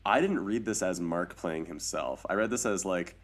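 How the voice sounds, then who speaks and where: A man with a low voice talks in a loose, animated way on a podcast. He laughs often and slips into quick voices for quotes, keeping a casual chat going. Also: breathy edge. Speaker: podcast co-host.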